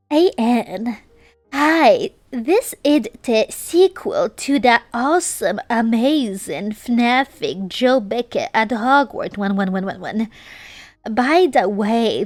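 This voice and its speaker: A woman's voice: a little high, no echo. A young adult woman streamer reading a fanfic aloud, with giggly, teasing asides. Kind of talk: casual stream reading and commentary.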